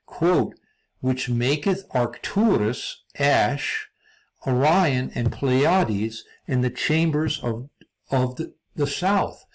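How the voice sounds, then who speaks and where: A man narrating a solo video lecture, reading from a script in a measured way, pausing between list items and sometimes restarting a word. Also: medium pitch, animated. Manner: measured, reads lists with pauses and occasional restarts.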